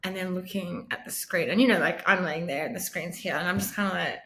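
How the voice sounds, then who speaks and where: A woman's voice: on the low side, fast talker, a bit bright, roomy sound. A woman in her thirties with an Australian accent, candidly telling her own patient story in a conversational way and acting out what others said to her. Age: 30s. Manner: candid, conversational, acts out quoted dialogue, laughs wryly. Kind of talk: personal storytelling interview.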